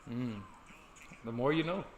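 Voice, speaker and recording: An American man co-hosting a casual chat, talking in a relaxed way with short agreeing replies. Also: medium pitch, a little slow. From United States. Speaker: co-host. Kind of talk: casual chat on a watch-along stream. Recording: echoey room with faint noise.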